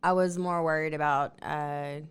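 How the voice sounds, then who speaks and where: A woman appearing as a podcast guest, calmly telling what happened to her. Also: low voice, normal speed, clean tone. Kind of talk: casual podcast chat.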